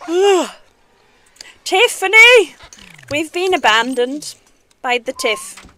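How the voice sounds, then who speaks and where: A woman's voice: high voice, animated, slow pace, fairly bright tone. A woman chatting casually while streaming a game, giggling often and playful. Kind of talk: casual gaming stream chat.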